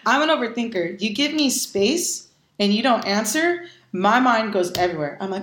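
A woman's voice: fairly high pitch, moderate pace, slight background noise. A young adult woman, a podcast guest, telling casual stories with lots of laughing, swearing and acted-out dialogue. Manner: animated, acts out dialogue, swears freely, laughs often. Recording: echoey room.

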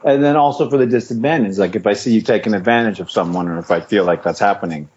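A man's voice: on the low side, fast, slightly rough, lo-fi sound. A middle-aged man, a retired fighter, telling stories in a casual interview, laughing and poking fun at himself. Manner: laughing, self-mocking, animated storyteller.

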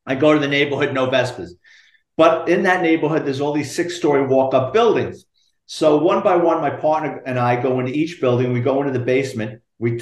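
A retired police detective, telling animated, profane stories in a podcast interview and acting out the quotes. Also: male voice, mid-range voice, reverberant. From New York.

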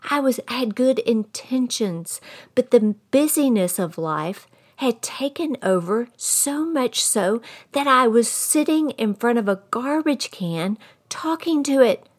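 Woman, Texan accent, middle-aged, folksy and animated, podcast storyteller. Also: on the high side, unhurried. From Texas. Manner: folksy, animated, talks straight to the listeners. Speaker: podcast host. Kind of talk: storytelling monologue.

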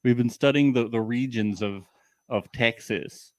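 Man, middle pitch, casual recap chat, jokey, dry close mic. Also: measured pace, darkish tone, no room sound. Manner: jokey, puts on mock Texas drawl when quoting. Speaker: podcast co-host.

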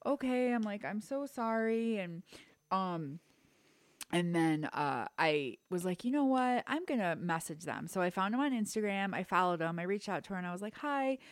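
A woman's voice: on the low side, expressive, moderate pace, no room sound. A young adult woman co-hosting a podcast, chatting casually and acting out quoted lines as she tells a story. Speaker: podcast co-host. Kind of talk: casual chat.

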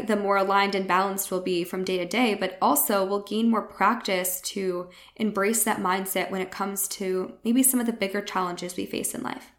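Woman, young adult, podcast host; earnest and reassuring, mid-range voice. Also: medium pitch. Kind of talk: spiritual podcast monologue.

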